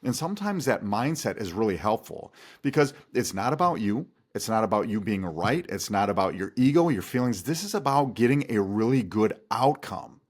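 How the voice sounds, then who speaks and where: A man answers interview questions as an expert guest, explaining things calmly and steadily. His voice sits somewhat low. His delivery is instructive and measured. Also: slightly rough.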